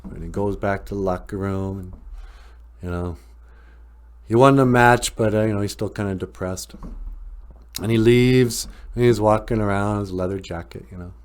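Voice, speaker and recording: Low-voiced relaxed male storyteller. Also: normal speed, pauses often. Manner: relaxed, rambling with fillers and chuckles. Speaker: podcast host. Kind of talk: casual spoken storytelling.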